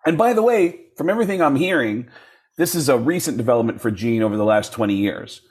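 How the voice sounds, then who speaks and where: A comedian being interviewed, telling stories in a casual, animated way. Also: male voice, mid-range voice, quick pace, slightly rough. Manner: animated storyteller, jumps into voices when quoting people. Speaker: comedian guest.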